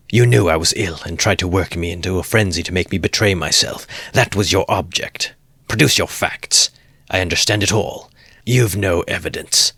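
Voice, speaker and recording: Man reading as a defiant young student, shouting, accusing, dry close sound. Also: low-pitched, slightly rough, no echo, full character voice. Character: furious young male student, defiant and feverish.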